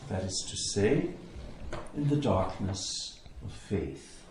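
A man preaching a sermon as a priest, in a slow, contemplative way with long pauses. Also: fairly low pitch, very animated, background noise. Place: church. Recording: echoey church interior.

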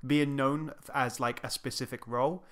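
A man in casual chat, measured and wry as he talks through a film. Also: medium pitch, steady tone, fairly bright tone. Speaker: film podcast co-host.

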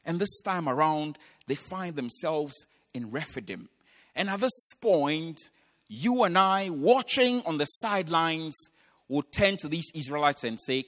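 A high-voiced man preaches with a lively, swooping delivery. He retells a scripture story dramatically and acts out its voices. His voice rings with a long hall reverb. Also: a little slow. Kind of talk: sermon.

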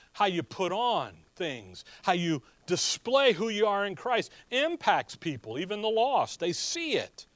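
Man, pastor, high pitch, conversational sermon, rhetorical questions, dry recording. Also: dry recording. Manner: tells personal stories with chuckles.

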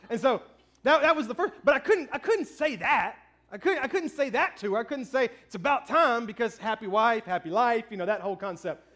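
High-voiced pastor in his thirties. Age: 30s. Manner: storytelling, animated, self-mocking. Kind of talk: sermon.

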